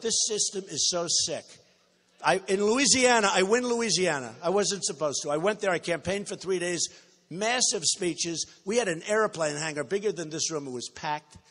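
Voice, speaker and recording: Forceful, high-voiced man at a rally. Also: long reverb tail. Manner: boastful, repetitive, off-the-cuff; bursts into shouting. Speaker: political candidate. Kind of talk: campaign rally speech. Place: large indoor rally hall with a crowd.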